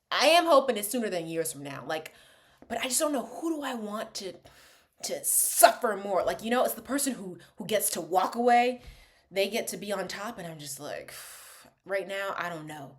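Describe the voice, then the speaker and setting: A young adult woman chatting casually in a reaction vlog, animated, laughing often and dropping into quiet asides. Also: medium pitch. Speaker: vlogger reviewing a TV show.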